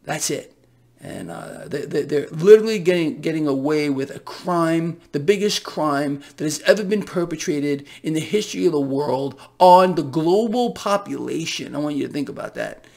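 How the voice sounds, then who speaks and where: A man's voice: fairly high pitch, expressive, moderate pace, vocal fry, darkish tone. A man hosting his own finance channel, ranting in a fervent, blunt, repetitive and profane way. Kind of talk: impassioned casual vlog rant.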